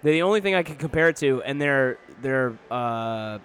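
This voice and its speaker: A man's voice: mid-range voice, expressive, moderate pace, fairly bright tone, smooth. A man hosting a podcast, chatting casually, poking fun at himself and swearing freely. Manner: self-mocking, swears freely. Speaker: podcast host. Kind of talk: casual chat.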